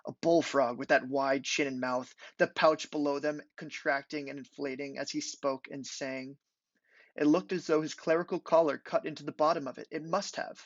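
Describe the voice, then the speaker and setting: A young man gives a measured, deliberate reading of his literary prose, his voice gravelly with fry. The sound is close and dry, with a dull, lo-fi tone. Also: a little high, steady tone, no room sound. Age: young adult. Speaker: student reading his thesis. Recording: dull lo-fi recording.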